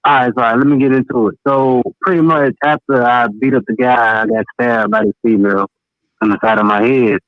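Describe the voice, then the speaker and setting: A man's voice: mid-range voice, fairly even intonation, fairly quick, no room sound. Southern man calling over a tinny phone line. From American South. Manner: casual, profane, laughs while telling stories. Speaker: caller. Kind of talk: phone-in storytelling.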